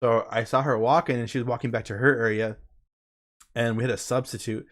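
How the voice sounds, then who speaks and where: A man's voice: mid-range voice, steady tone, a little fast, a bit bright. Young male streamer host, laid-back slangy storyteller, middle-range voice. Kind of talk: casual chat.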